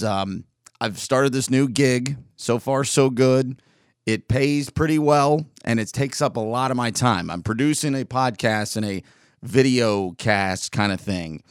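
Solo podcast host, man, mid-pitched, voice a bit worn, rambling and candid, dry close sound. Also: clean tone, dry recording. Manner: rambling and candid, with frequent restarts. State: voice slightly worn from weeks of yelling. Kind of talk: solo casual podcast monologue.

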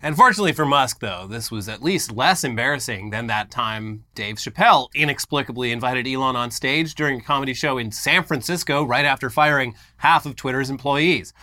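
A man's voice: medium pitch, a little fast, few pauses, bright, forceful tone. A man co-hosting a tech news show, explaining stories with sarcastic quips. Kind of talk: casual tech news banter.

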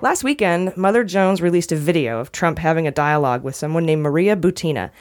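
A woman's voice: sits low, lively intonation, a little fast, soft background music. A woman hosting a casual news podcast, wry and often laughing as she talks. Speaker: podcast host.

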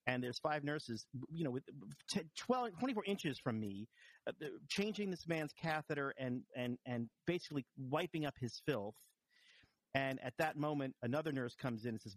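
A man's voice: medium pitch, lively intonation, normal speed, no room sound. A man recovering from vertigo, telling wry, self-deprecating anecdotes in casual chat, with frequent restarts. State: recovering from vertigo, a bit wobbly.

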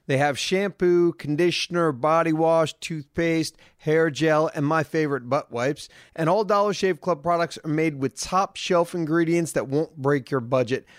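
A man co-hosting a casual podcast, chatty and halting, also reading a sponsor spot. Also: a little high, no room sound, clean studio sound. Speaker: podcast co-host. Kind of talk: casual chat and read sponsor ad.

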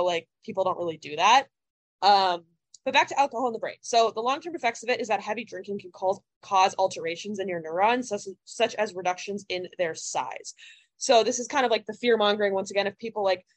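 A young woman in her twenties co-hosts a podcast, chatting casually at a mid pitch. She leans heavily on "like" and swears now and then, and her voice comes across close and dry in a dry recording.

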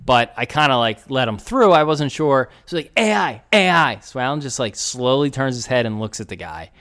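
A man's voice: mid-range voice, fairly quick, clean tone. A man, telling a story in casual podcast chat and acting out the voices of people in it. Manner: animated storyteller, acts out quoted voices.

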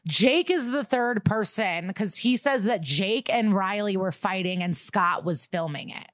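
A woman co-hosting a podcast, recapping an episode in casual, animated chat and swearing freely. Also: medium pitch, a little slow, no room sound, studio quality. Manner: animated, swearing, acts out quotes. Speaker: podcast co-host.

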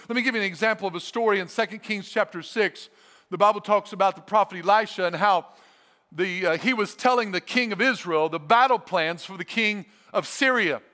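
A man preaching a sermon as a pastor, emphatic and energetic, repeating his phrases for effect. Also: high-pitched, long reverb tail. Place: church sanctuary.

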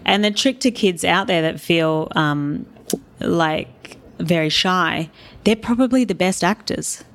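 A woman's voice: fairly low pitch, lively intonation, takes it slowly, a bit bright. An Australian woman speaking as an interview guest, telling stories candidly and with animation. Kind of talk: casual interview talk.

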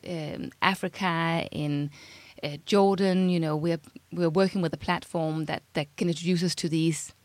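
A woman's voice: fairly low pitch, dry recording. A woman being interviewed as a jewelry designer, talking casually with frequent restarts. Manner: chatty, many restarts and repeated words.

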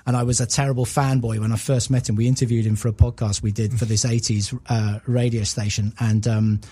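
A man's voice: mid-range voice, level tone, a little fast, mellow, husky. An English man, a guest composer, chatting casually and enthusiastically in rambling, self-deprecating stories. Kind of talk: casual podcast chat, storytelling.

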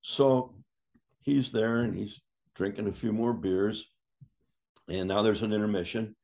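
A man's voice: fairly low pitch, measured pace, vocal fry. An older man, a former wrestler, casually telling a story, acting out what people said and swearing freely. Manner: lively yarn-spinner who acts out quotes and swears freely.

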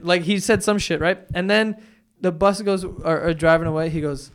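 A young man hosting a podcast, telling profane, animated stories in casual chat. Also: sits high, a little fast. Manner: loose storytelling, profane, animated retellings. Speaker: podcast host.

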